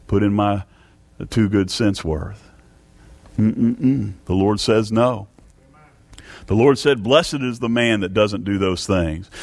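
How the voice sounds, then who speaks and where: A man's voice: medium pitch, no room sound. A man preaching a sermon, emphatic and repetitive, reading Bible verses aloud.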